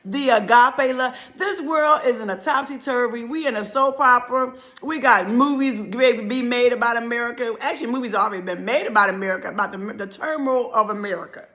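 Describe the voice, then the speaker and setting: A middle-aged woman giving an impassioned motivational speech, preacherly and repetitive, swinging between loud and soft. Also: fairly high pitch, a little fast, hardly any pauses. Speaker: motivational life speaker.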